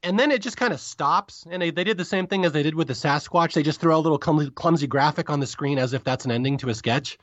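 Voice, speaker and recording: Fast-talking male podcast co-host. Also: fairly high pitch, fairly bright tone, no room sound, dull audio. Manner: rapid, chatty, self-correcting. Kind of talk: casual review chat.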